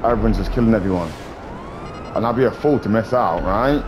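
Excitable trash-talking gamer man. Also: lowish voice, a little fast, noisy background. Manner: excitable, swearing, trash-talking other players. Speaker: gaming YouTuber. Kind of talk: casual gameplay commentary.

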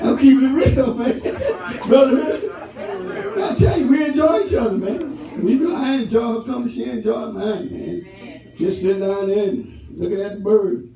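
A man's voice: very high-pitched, moderate pace, vocal fry, mellow, soft background music. A man pastor preaching a sermon, often laughing as he tells stories to the congregation. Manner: laughing, storytelling with call-and-response. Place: church sanctuary. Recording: roomy church hall, mic at a distance, congregation audible.

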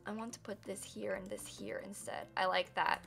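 A woman's voice: medium pitch, sing-song, moderate pace, gravelly, fairly bright tone, soft background music. A woman live-streaming a building game, chatting casually with her viewers, giggling and teasing herself as she works. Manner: chatty, giggly, self-mocking, talks to chat.

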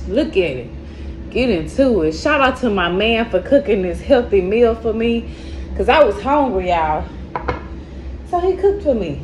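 A young woman hosting a casual mukbang eating show, chatting in slang and talking between bites. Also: high voice. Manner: chatty, slangy, talks while chewing. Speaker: mukbang vlogger. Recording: echoey room with faint background noise.

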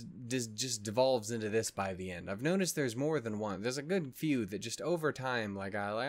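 In a dry recording, a man with a mid-range voice talks at a moderate pace with few pauses. He hosts an anime reaction video and is weary and yawning, upset and swearing as he rambles through restart-heavy vlog chatter.

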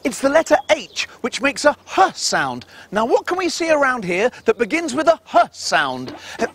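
A man's voice: very high-pitched, wildly swooping pitch, normal speed, a bit bright, slight background noise. A middle-aged man presenting a children's TV show, playful and teasing with puppets. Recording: music bed behind the voice. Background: music.

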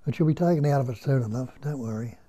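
Starszy mężczyzna z australijskim akcentem, ciemny głos. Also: male voice, medium pitch, mellow, slightly rough. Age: older. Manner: slow, musing, asks listeners rhetorical questions. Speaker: spiritual teacher. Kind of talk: unhurried nondual teaching talk. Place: indoor room at home.

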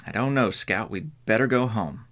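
A man's voice: fairly low pitch, expressive, normal speed, a bit bright. A man voicing an anxious, earnest young boy with a drawl. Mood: worried. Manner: earnest, worried. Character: anxious boy, about twelve.

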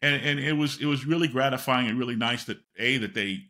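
A man's voice: mid-range voice, fast, sharp tone. An older man, a guest on an interview podcast, telling long rambling anecdotes full of fillers and restarts.

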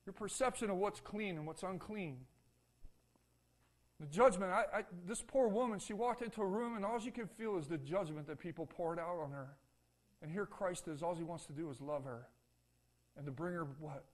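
High-voiced preaching man. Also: normal speed. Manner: preaching with rising shouts and dropping to soft, hushed lines; folksy, repeats phrases, asks the congregation "Amen?". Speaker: pastor. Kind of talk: sermon. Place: church.

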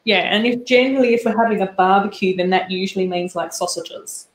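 A woman's voice: medium pitch, a little fast, echoey room, poor audio. Easygoing Australian woman chatting. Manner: easygoing, explains local slang. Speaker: livestream guest. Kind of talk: casual chat.

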